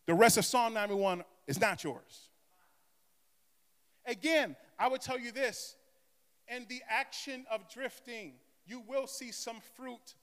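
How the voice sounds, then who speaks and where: High-voiced preaching man, echoey church. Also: fairly bright tone. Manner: impassioned, emphatic preaching. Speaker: pastor. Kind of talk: sermon. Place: church sanctuary.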